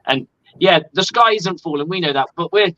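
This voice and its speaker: A man co-hosting a casual sports chat, animated and profane, laughing often. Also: a little high, normal speed, dull audio. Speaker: podcast co-host.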